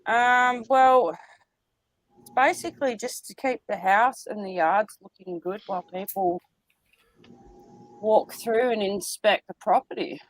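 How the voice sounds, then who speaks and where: A woman's voice: mid-range voice, measured pace, long pauses, no echo, rough recording. A woman, co-hosting a casual live chat stream and laughing easily as she tells stories. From Australia. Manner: chatty, laughs easily, animated storytelling.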